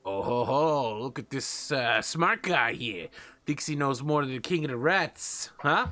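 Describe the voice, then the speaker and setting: A man's voice: mid-range voice, lively intonation, unhurried, pushed and bright. A man voicing a boastful male giant rat king with a brash, swaggering manner. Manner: swaggering, brash, full of filler.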